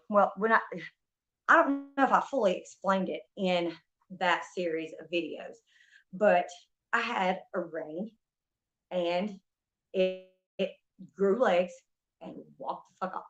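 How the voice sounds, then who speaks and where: A woman's voice: on the low side, a bit bright. Woman ranting, profane and heated, lo-fi. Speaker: streamer. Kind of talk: casual storytelling rant. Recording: dull lo-fi stream audio.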